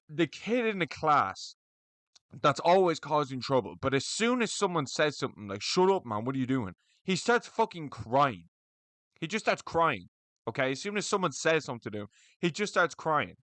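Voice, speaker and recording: A man's voice: fairly high pitch, very animated, normal speed, bright, forceful tone, dry recording. A young man, ranting bluntly and profanely as the host of an opinionated video about fans of a combat sport. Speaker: MMA commentary vlogger. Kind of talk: opinionated solo rant to camera.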